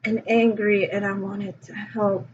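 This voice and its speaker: A woman's voice: medium pitch, little pitch movement, a little slow, a little hiss or hum, natural voice. A woman voicing a kind young goddess of spring, talking in a casual, slangy, reassuring way. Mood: soft. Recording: dull lo-fi recording.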